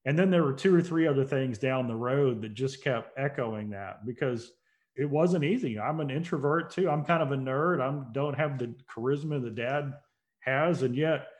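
A man with a medium-pitched voice, speaking at normal speed, appears as a guest in a casual conversational interview. A motivational speaker and company CEO, he tells stories earnestly and builds toward emphatic points.

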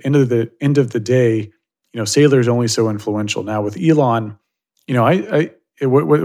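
Relaxed rambling man, mid pitch. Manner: thoughtful, loose and rambling with many fillers. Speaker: guest. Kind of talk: casual conversational interview. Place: Silicon Valley.

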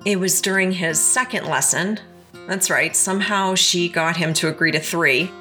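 A woman's voice: lowish voice, moderate pace, bright, forceful tone, soft background music. A woman hosting a podcast, narrating scripted segments with asides to the listener. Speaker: podcast host.

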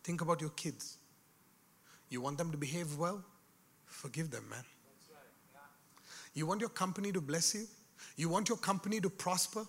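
A man preaching a sermon, dropping to a hush and rising to shouts, calling out to his listeners. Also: on the high side, normal speed, long pauses, slight background noise. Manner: swings from hushed to shouted, calls out to the crowd.

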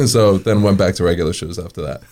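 Low-voiced New man telling a story. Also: quick pace. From New York area. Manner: lively storyteller, chuckles often, many fillers. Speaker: guest. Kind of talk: casual storytelling.

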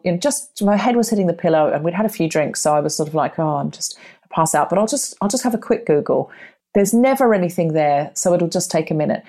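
A middle-aged woman telling a personal story in casual chat, acting out voices with big jumps in pitch. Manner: animated, acts out her own and others' lines with big rises in pitch.

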